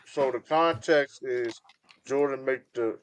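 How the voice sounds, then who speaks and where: A man's voice: medium pitch, slow pace. A man hosting a heated sports debate podcast, cutting in and repeating himself to get the floor. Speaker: podcast host.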